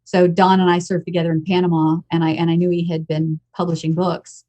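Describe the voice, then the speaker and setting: A woman's voice: lowish voice, flat delivery, fairly quick, mellow. An American woman in her fifties, a podcast guest telling her own story in a frank, emotional and blunt way. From United States. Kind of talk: candid personal storytelling.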